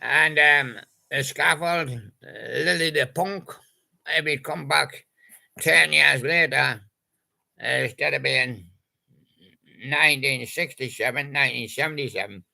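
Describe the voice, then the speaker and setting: An older man with a gravelly voice, rambling through a comic monologue of puns on old pop songs, slipping in sung snatches. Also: mid-range voice, sharp tone, rough recording. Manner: slow, rambling, punning, with little sung snatches and put-on bits. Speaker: storyteller doing joke monologue about old pop songs.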